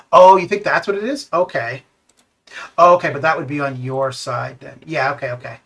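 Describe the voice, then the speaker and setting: His voice is fairly bright and on the high side, moving at a normal speed. The Canadian man rambles in casual Discord voice chat as he streams a game, laughing frequently and restarting his thoughts.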